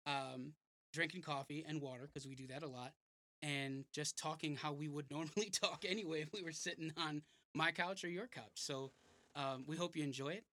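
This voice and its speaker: A man's voice: fairly high pitch, moderate pace, pushed and bright. A man in his thirties hosting a casual podcast, joking, laughing and swearing freely. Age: 30s. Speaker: podcast host.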